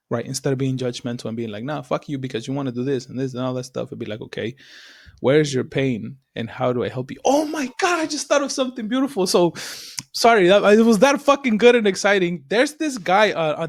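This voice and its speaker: A man, chatting casually on a podcast and telling stories with animated, acted-out quotes. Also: mid-range voice, dry recording, clean studio sound. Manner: animated storytelling, swears freely, acts out quoted voices. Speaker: podcast co-host.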